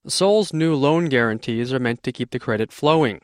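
A man, a radio correspondent, filing a crisp, lightly conversational news report. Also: medium pitch, animated, normal speed, no echo, clean studio sound.

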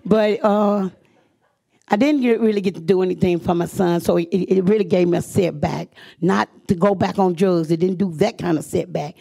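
Gravelly woman telling her story. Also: fairly even intonation, moderate pace, warm tone. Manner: earnest storytelling, acting out quoted voices, rising pitch when emotional. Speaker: speaker sharing her recovery story. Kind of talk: personal testimony to an audience.

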